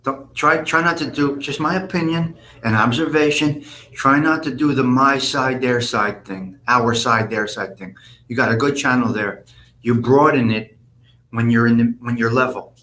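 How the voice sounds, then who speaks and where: A man's voice: mid-range voice, moderate pace, pushed and bright, slight background noise. A man hosting a casual live stream, answering viewers' comments by name in a blunt, profane, rambling way.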